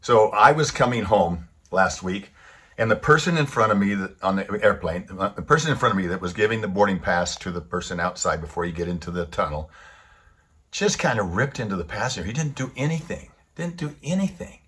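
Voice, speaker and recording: A man giving a storytelling sermon, lively and animated, acting out the people in his stories. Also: fairly low pitch, fairly quick, slightly rough. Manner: animated storyteller who acts out the quotes.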